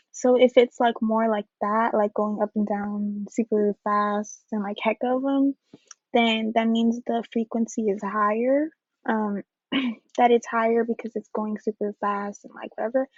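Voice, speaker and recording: Young woman student, casual and filler-heavy, fairly high voice with little lift, dull dry recording. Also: darkish tone, no echo. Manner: hesitant, many fillers. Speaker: student presenter. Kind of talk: informal class presentation. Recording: dull lo-fi mic.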